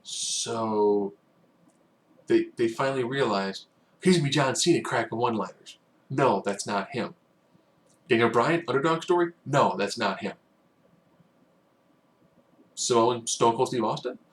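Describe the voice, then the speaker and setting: A man giving a casual, rambling spoken recap, now and then acting out quotes in loud bursts. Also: medium pitch, a little slow, pauses often. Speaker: wrestling recap host.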